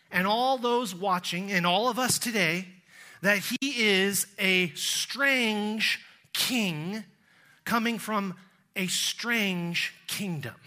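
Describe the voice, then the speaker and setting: A middle-aged man with a Texan accent delivers a sermon. His voice is high and very bright. He tells stories with quoted voices and drags out key phrases for weight. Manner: storytelling with quoted voices, slowing for emphasis. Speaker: pastor.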